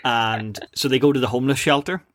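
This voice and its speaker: A man's voice: mid-range voice, steady tone, dry recording. Chatty man, dry close sound. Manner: chatty, retells scenes with quick quoted voices and laughs. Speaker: podcast co-host. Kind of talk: casual chat recapping a cartoon episode.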